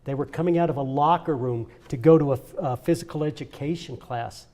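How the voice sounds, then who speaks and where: A man's voice: a little high, fairly quick, mellow. An older man giving an earnest, emotional speech at a charity event. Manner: earnest, emotional storytelling with repeats. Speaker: honoree speaking at a charity event. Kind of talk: heartfelt personal speech.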